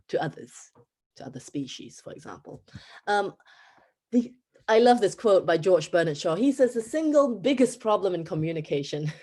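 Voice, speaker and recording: A woman in her thirties from Singapore with a Singaporean accent, an English teacher giving a conference talk in an animated storytelling manner. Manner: animated storytelling with pitch jumps.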